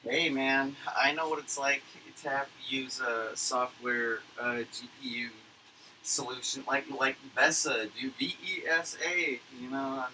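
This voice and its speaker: A man talks from his computer at home in a loose, wandering monologue, full of fillers and casual swearing. His voice is very bright at a middling pitch. A faint background hiss sits under it. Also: fairly even intonation, measured pace, low-quality recording. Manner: rambling, profane, filler-heavy. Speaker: livestreamer recapping a conference.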